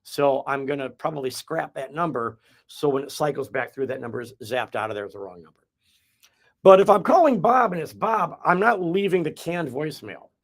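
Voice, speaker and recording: A man's voice: fairly high pitch, big pitch swings, fairly quick. A man from the Midwest hosting a real estate podcast, explaining his methods in a folksy, rambling way with restarts. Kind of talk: casual podcast chat.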